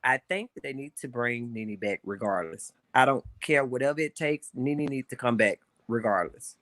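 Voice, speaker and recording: A man from Mississippi with a Southern accent, calling in to a live show, earnest and repeating himself with halting starts. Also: medium pitch, a bit bright, no room sound. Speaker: caller. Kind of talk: casual phone-in chat.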